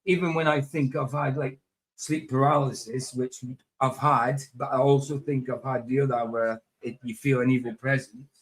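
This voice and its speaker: Guy streaming and chatting, rambly, laughs a lot, mid-pitched voice. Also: steady tone, moderate pace. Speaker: livestream host. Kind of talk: casual chat while reacting to a video.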